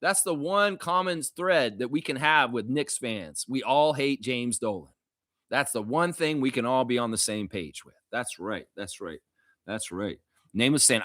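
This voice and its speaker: A man from Canada hosting a casual fan live stream, reading viewer comments aloud and reacting loudly, with a lot of swearing. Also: mid-range voice, moderate pace, no echo, studio quality. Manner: loud, animated, swears freely, reads viewer comments aloud.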